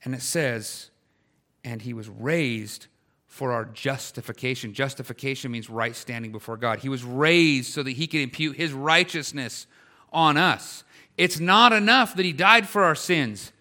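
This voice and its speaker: A man's voice: medium pitch, a little slow, bright, forceful tone. A middle-aged male pastor giving a conversational sermon that builds in intensity, with everyday stories and emphatic questions. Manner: conversational preaching with rising intensity.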